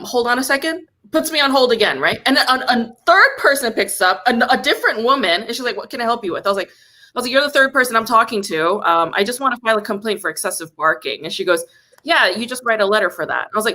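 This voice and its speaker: A young woman with a bright, ringing voice tells a comic story in a loose, chatty way. She rants with exasperation and swears freely, and her fairly high voice leaps higher whenever she gets indignant. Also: expressive, quick pace. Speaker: comedy podcast host. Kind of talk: casual comedic storytelling.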